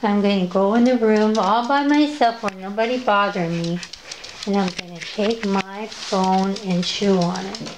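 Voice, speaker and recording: A woman voicing her female pet dog, speaking slowly and stubbornly as the dog guards its bone. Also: medium pitch, close to an everyday voice, rough recording. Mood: possessive. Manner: slow, stubborn, drawling. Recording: home recording with steady background noise.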